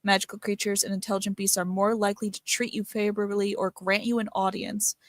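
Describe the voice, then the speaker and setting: A woman's voice: mid-range voice, flat delivery, no room sound. Woman player thinking aloud. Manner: thinking aloud, halting, with fillers. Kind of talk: casual tabletop game play.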